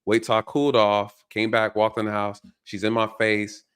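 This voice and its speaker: A man voicing an angry, remorseful man who tells his side of a fight in a low, mumbling voice. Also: little pitch movement, moderate pace, a bit bright, clear, resonant tone, lightly acted. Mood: sullen.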